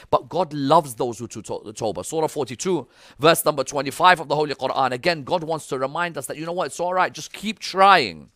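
A man preaching a religious sermon, swinging between loud emphatic appeals and hushed storytelling. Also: fairly high pitch, fast talker, hardly any pauses, dry recording, studio quality.

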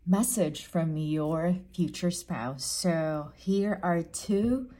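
A woman giving a casual tarot reading to camera, chatty and gentle, often restating her phrases. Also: on the low side, very slow. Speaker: psychic tarot reader.

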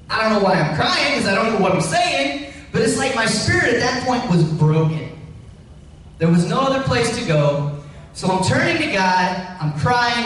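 A man preaching a sermon, telling a personal testimony with animated, rising emphasis. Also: high-pitched. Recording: echoey room, voice from a distance.

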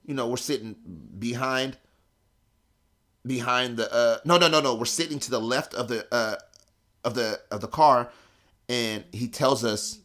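A man's voice: mid-range voice, moderate pace. A young man hosting a podcast, telling a story in slangy, profane casual talk and acting out the voices of the people in it. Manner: animated, acts out voices, swings from hushed whispers to loud excitement. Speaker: podcast host.

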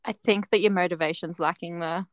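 A woman's voice: fairly low pitch, steady tone, brisk, dry recording. A young woman with an Australian accent, a podcast guest chatting casually with short, dry answers. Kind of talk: casual chat.

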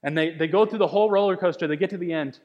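A man's voice: high voice, rapid-fire, in a large hall, dull audio. A male pastor preaching a sermon in a conversational way, often repeating words and building to emphatic peaks.

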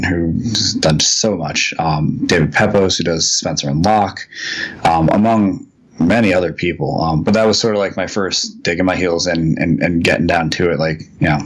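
Man, very low voice, podcast guest, casual storytelling, lots of ums and restarts. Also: fairly even intonation, moderate pace, slightly rough. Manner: rambling, frequent ums and restarts. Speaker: comics writer, podcast guest.

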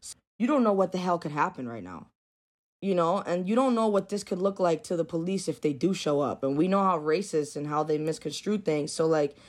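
A woman's voice: fairly low pitch, expressive, a little fast. Blunt, profane New woman. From New York. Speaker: guest. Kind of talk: casual storytelling interview.

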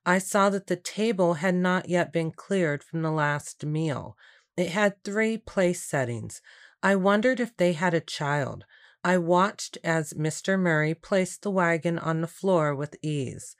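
A woman reads a storybook aloud in a calm, unhurried way. Her voice sits a little low and stays even from line to line. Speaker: audiobook narrator. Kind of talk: scripted storybook narration.

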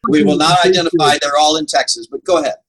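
Husky older man coaching preachers. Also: fairly high pitch, steady tone, quick pace, fairly bright tone, low-quality recording. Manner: earnest, emphatic, laughs at himself. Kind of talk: conversational interview answers.

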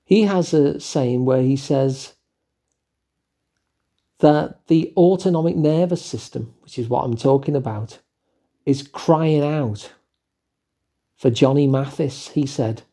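Older English male host, dark husky voice, calm reflective delivery. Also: on the high side, slow. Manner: gentle, musing, with fillers and asides. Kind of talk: reflective solo talk.

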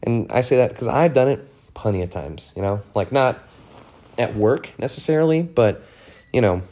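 A man's voice: medium pitch, lively intonation, moderate pace, a little mellow. A man hosting a podcast on his own, talking frankly in a rambling, profane way, full of fillers. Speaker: podcast host. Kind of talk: casual solo monologue.

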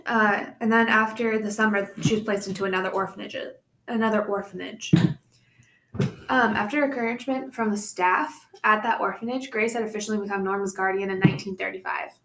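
A young woman narrates a true-crime case for a podcast, casual and chatty between the facts. Her voice sits at an average pitch. The room has a noticeable echo. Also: fairly even intonation, brisk, background noise. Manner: reads the case with chatty asides and laughs. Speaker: podcast co-host presenting the case. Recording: echoey room.

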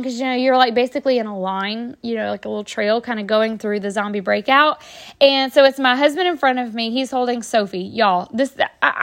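A woman's voice: a little high, fairly bright tone. Chatty woman telling stories. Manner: rambling, chatty, many fillers and restarts. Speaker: podcast host. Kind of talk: casual storytelling.

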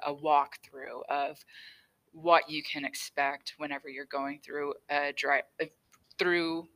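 A woman's voice: low voice, sharp tone, poor audio. A young woman hosting her own podcast, chatting casually and laughing often as she tells a story. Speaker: podcast host. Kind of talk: casual solo podcast talk.

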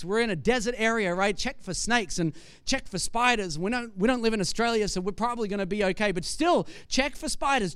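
A man's voice: high voice, a bit bright, smooth, dry recording. A man preaching a sermon with conversational, jokey storytelling.

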